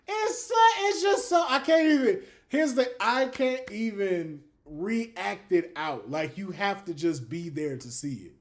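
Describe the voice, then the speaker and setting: A man hosting a casual livestream, chatting to viewers in a lively way, laughing, swearing freely and trailing off into drawn-out fillers. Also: high-pitched. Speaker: livestream host.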